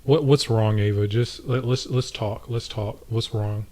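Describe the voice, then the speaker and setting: A man playing a polite, earnest young employer who speaks courteously and softly. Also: mid-range voice, steady tone, normal speed, close to an everyday voice. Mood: gentle. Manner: courteous and soft-spoken.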